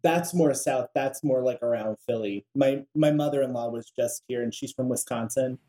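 Relaxed man telling a story. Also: mid-range voice, moderate pace. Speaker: podcast co-host. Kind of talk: casual storytelling.

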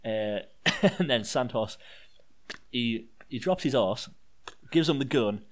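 A man's voice: mid-range voice, slow. A man casually recapping a wrestling show as a podcast co-host, swearing and laughing as he tells it. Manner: swearing, laughing, animated storyteller.

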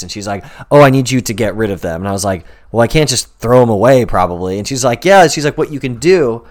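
A young man co-hosting a podcast rattles through a story, swearing and playing each person in it. His voice sits at an everyday male pitch. He keeps the casual chat moving. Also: fast, hardly any pauses. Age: 20s. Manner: animated storyteller, swears, acts out both sides. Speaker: podcast co-host.

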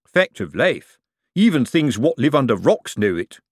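A man's voice: medium pitch, very animated, a little slow, slightly rough, no echo, studio quality, voice pushed up, full character voice. A man voicing a pompous, gloomy middle-aged police sergeant who lectures his partner like a know-it-all. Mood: lecturing.

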